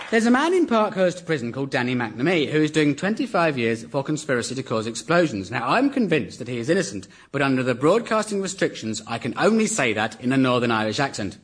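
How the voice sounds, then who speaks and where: Dry, ironic comedian in a mock lecture. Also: male voice, medium pitch, slight background noise. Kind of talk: satirical stand-up lecture before a live audience.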